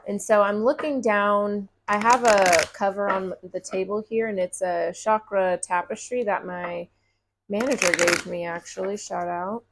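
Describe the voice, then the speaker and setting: A woman giving a collective tarot reading in a casual, reassuring, conversational way, with drawn-out pauses. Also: mid-range voice, steady tone. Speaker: tarot reader.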